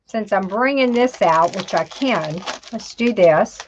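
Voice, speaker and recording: In an animated, mid-range voice at a measured pace, a woman chats through a casual crafting demonstration and talks to herself as she works, using "y'all." The dull, lo-fi home video recording carries a little hiss or hum.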